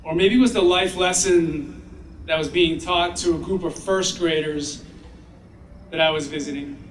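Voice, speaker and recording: A man with a fairly high voice gives a ceremonial graduation speech, telling stories and playing out the children's parts with lively energy. He sounds distant and echoey, as if heard through a sound system across a big space, with faint noise beneath. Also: moderate pace. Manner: animated storyteller, acts out children's voices. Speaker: commencement speaker.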